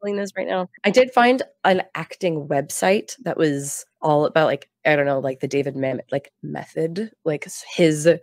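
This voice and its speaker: A woman co-hosting a casual podcast, animated and giggly as she recaps a TV episode. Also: sits low, moderate pace, hardly any pauses, no room sound, studio quality. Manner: animated, giggly, quotes lines in put-on voices. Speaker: podcast co-host. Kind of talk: casual chat.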